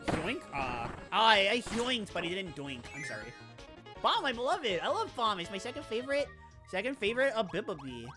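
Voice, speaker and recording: A woman's voice: medium pitch, sing-song, normal speed. A woman streaming a video game, chatting casually and rambling in a self-mocking way as she reacts to chat. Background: game music.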